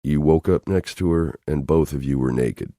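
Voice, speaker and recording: A man's voice: a bass voice, normal speed, mellow, dry recording, studio quality. A man voicing a weary half-alien male seer in an audiobook, grim and resigned. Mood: hesitant.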